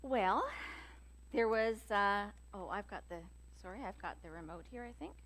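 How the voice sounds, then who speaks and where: A woman minister giving a sermon in a church, telling stories in a chatty, lively way with many fillers. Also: medium pitch, moderate pace. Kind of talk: sermon with jokes and readings. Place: church sanctuary.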